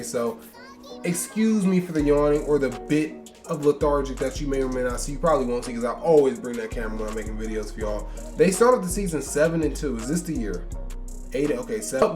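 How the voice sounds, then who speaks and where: Weary, chatty young man over faint music. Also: mid-range voice. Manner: chatty, rambling, reacts to stats, tired and yawning. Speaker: gaming YouTuber. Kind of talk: casual sports game commentary.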